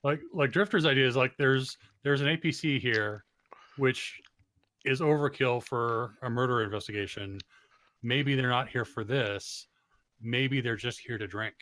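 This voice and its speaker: A man playing a tabletop game, chatting casually and telling a story in a relaxed way. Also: medium pitch, a little slow. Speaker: player.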